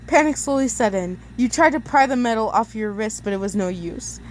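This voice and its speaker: A woman's voice: a little high, animated, fairly quick, few pauses. A young woman reading second-person fan fiction aloud in a casual way, stumbling and laughing at her own slips. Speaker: story reader.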